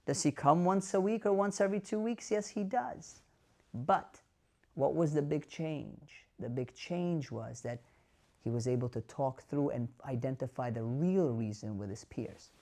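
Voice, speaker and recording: A man's voice: on the high side, animated, measured pace, darkish tone. A man, a physician, telling an emotional story straight to camera in an earnest way, often asking the viewers questions. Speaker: dementia care physician.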